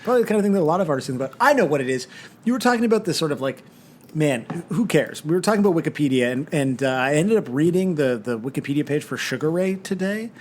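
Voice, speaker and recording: A man's voice: a little high, expressive, rapid-fire, slight background noise. A man co-hosting a podcast, chatting casually in a dry, sarcastic, rambling way. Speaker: podcast co-host. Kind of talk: casual chat.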